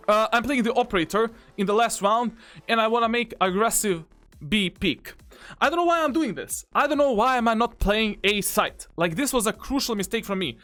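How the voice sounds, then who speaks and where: A man with a notably high voice talks through his own gameplay like a coach. He is boastful and excitable and slips "bro" in often. Soft music plays faintly behind him. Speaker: game coach reviewing his own match. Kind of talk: gameplay commentary.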